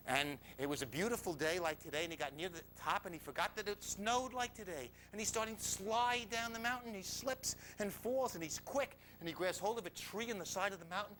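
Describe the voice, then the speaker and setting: A man telling a personal story to a live audience, confessional and animated, dropping to near whispers and rising loudly, often laughing. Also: high voice, a little hiss or hum, rough recording. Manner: confessional, swings from hushed to loud, laughs often.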